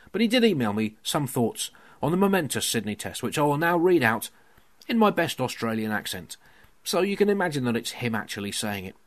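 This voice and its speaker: A man hosting a comedy podcast, delivering a scripted monologue in a dry, mock-serious way. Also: medium pitch. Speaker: podcast host. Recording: music playing underneath.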